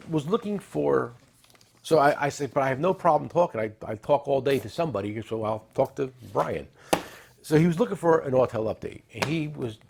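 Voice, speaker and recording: A middle-aged man hosting a tool show, chatting casually and joking as he pitches products and tells stories. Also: gravelly, noisy background. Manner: joking, rambling, salesy with asides. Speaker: tool dealer and show host. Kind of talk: casual product talk and storytelling.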